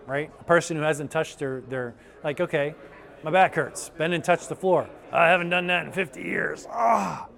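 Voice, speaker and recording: An eager, animated man speaks in a middle-pitched voice. He tells patient stories with energy and breaks into quick impressions of their reactions. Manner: enthusiastic, animated storytelling with quoted patients. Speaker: chiropractor. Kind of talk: testimonial interview.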